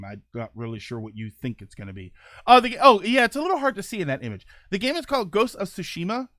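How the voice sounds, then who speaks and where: A man's voice: sits high, big pitch swings, fast talker, bright, forceful tone, no room sound, studio quality. A young man hosting a casual gaming talk show, rambling with lots of fillers and restarts. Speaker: podcast host.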